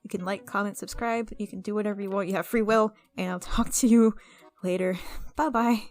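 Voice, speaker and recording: A young woman talking casually and excitably as she vlogs over a speedpaint, rambling with restarts and asides. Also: mid-range voice, a little fast, soft background music. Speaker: artist vlogger.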